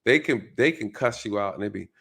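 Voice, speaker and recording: A man's voice: lowish voice, fairly quick, vocal fry, a bit bright, husky. A male channel host giving a casual, reflective commentary monologue, often repeating his phrases and checking in with "right?".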